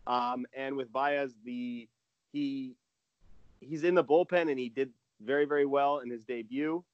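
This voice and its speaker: A man's voice: mid-range voice, steady tone, measured pace, no room sound, highs cut off. A man talking casually and with enthusiasm as a guest analyst on a podcast, rambling with restarts.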